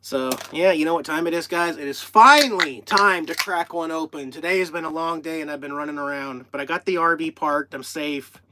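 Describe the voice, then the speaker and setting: A man's voice: a little high, fairly quick, few pauses, bright, forceful tone, a little hiss or hum. A man chatting casually on a livestream from inside his parked RV, rambling and talking to his pets and the live chat. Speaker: RV vlogger hosting a livestream.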